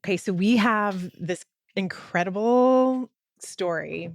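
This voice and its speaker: A woman co-hosting a podcast who talks in a casual, rambling way and often pauses to search for her words. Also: medium pitch, no echo, studio quality. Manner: rambling, hesitant, many fillers and restarts. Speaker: podcast co-host.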